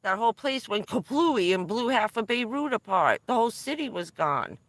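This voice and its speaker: A middle-aged woman from New Jersey on a vanlife live stream, talking casually and telling rambling, excitable stories with the odd swear word. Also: on the high side, normal speed, no room sound. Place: in or around her van.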